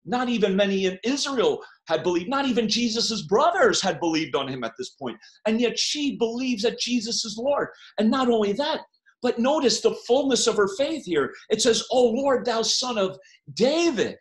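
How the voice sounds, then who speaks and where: A man preaching a sermon in a church, impassioned, rising to loud cries when he quotes the text. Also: very high voice, expressive, moderate pace. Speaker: pastor.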